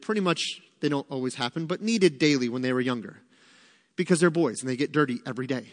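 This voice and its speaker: A man's voice: on the high side, big-room sound. A middle-aged man preaching a sermon as pastor, conversational and emphatic, repeating key lines to drive them home. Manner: conversational, emphatic teaching with repetition.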